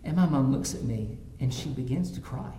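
In a brisk, animated delivery, a man with a warm, mid-range voice preaches as pastor, drawing on stories from his family life and building to fervent emphasis. Roomy echo and faint background noise color the recording.

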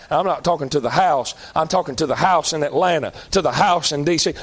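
A male pastor preaching a folksy sermon that climbs to shouting. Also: on the high side, fast talker, few pauses, breathy edge.

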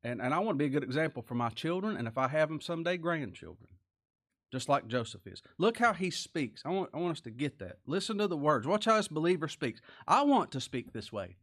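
A man's voice: on the high side, sing-song, fairly quick, fairly bright tone. A man preaching a folksy, earnest sermon, reading scripture aloud. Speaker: pastor.

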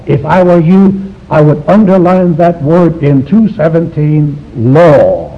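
A man's voice: a little high, slow pace, dark tone. A man teaching a Bible study to a live class, emphatic and full of rhetorical questions. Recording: dull lo-fi recording.

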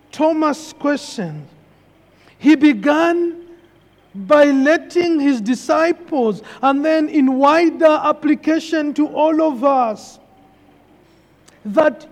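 A man's voice: very high-pitched, expressive, slow pace, darkish tone. A man preaching a sermon, emphatic and repeating key phrases for weight. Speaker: pastor. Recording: long hall reverb.

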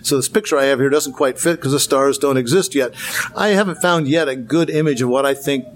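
A man's voice: mid-range voice, brisk, a little hiss or hum. Earnest man teaching Bible lessons. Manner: earnest, repeats words for emphasis, rhetorical questions. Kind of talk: lecture with slides.

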